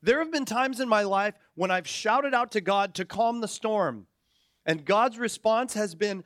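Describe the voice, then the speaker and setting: A pastor in his forties preaches a sermon in a high voice with a bright edge, speaking a little slowly. He tells stories animatedly, acting out the characters. The recording is dry and close-miked, with no room sound.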